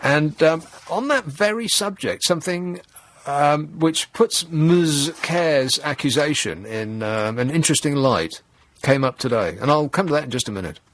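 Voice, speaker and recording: A man's voice: a little high, animated, moderate pace. A man hosting a radio talk show, mocking and sarcastic in tone and chuckling at his own jokes. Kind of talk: sardonic talk radio monologue. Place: radio studio.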